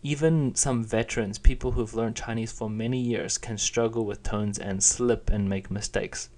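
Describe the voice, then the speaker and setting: A man's voice: on the low side, steady tone, normal speed, darkish tone. A young man giving a patient, plain spoken lesson, explaining and demonstrating intonation. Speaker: Chinese teacher.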